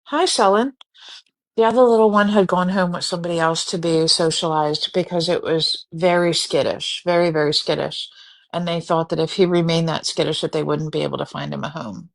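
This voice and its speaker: A woman hosts a live stream in a lowish, gravelly voice. She rambles on tangents in casual chat, candid and quick to swear. A sleepy, yawning edge runs through her talk. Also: fairly even intonation. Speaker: livestream host.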